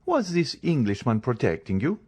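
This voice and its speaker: Guy reading a stern fake priest, commanding and probing, husky, swings around a lot. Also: medium pitch, wildly swooping pitch, moderate pace, a little mellow, voice pushed up. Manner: commanding, interrogating. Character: stern disguised count posing as a priest. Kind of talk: audiobook character reading.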